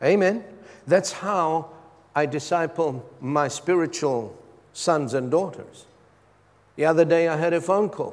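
Between points of his sermon, this pastor invites his congregation to respond, call-and-response style. He speaks unhurriedly in a fairly high voice, and the sound carries a long hall reverb.

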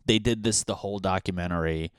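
A young man casually riffing on a comic story, swearing freely and jumping into quick silly character voices. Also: deep voice, clean tone, no echo, studio quality. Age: young adult.

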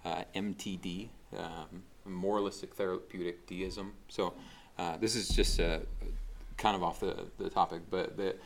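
A man's voice: deep voice, steady tone, unhurried, vocal fry. A man preaching a casual, conversational sermon, with frequent fillers and restarts as he talks through a passage. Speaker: pastor.

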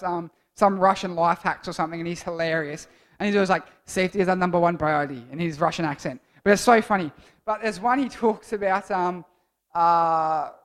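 Young adult, casual youth sermon, playful, rambling, middle pitch. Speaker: youth church speaker.

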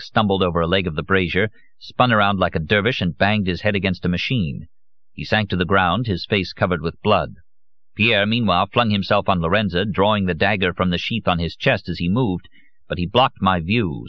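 Man, very low voice, measured grave audiobook narration, slightly muffled audio. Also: no room sound.

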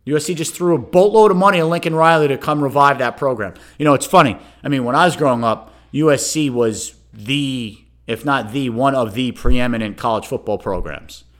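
A middle-aged man with a mid-range, slightly bright voice hosts a solo sports talk show. He rants sarcastically, building to exasperated outbursts, and keeps turning to listeners with "okay?" asides.

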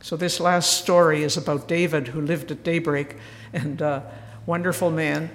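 A woman leads a spiritual retreat, telling a personal story in a gentle, earnest way with a touch of wry humor. Her voice rings out in a church with a long, lingering reverb. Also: sits low, steady tone, moderate pace, slight background noise. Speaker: retreat speaker.

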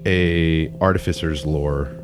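Slow-talking man playing a tabletop game. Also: rumbling low, fairly even intonation, slight background noise. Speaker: player.

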